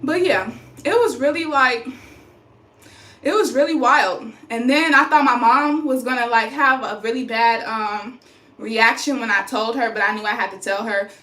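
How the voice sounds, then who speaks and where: A woman's voice: fairly high pitch, moderate pace. Chatty young woman in a roomy room. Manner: chatty, rambling, animated. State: pregnant, tired. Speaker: vlogger. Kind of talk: casual chat to camera. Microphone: phone. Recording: roomy echo.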